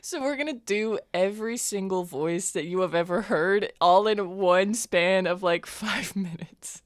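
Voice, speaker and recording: A woman's voice: mid-range voice, measured pace, no echo, studio quality. A woman player on a tabletop role-play podcast, chatting casually and laughing often in an easygoing way.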